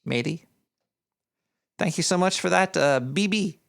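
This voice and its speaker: Reading out donations as a paranoid cartoon rat radio host, a man uses an exaggerated voice that's high, gravelly, and fairly bright, speaking a little slowly. The live-stream chat rambles in a scatterbrained way with jokey asides.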